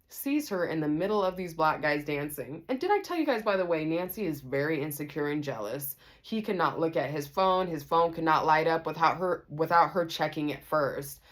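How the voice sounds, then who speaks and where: Animated woman telling a storytime tale. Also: fairly low pitch, brisk, few pauses. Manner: animated, acts out everyone's voices. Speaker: vlogger. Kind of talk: storytime chat to camera.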